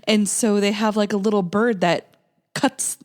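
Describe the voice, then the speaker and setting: A woman's voice: mid-range voice, steady tone, unhurried, a little mellow. A woman co-hosting a podcast in a casual, rambling chat, with many "like"s. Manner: chatty, rambling, lots of "like". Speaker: podcast co-host.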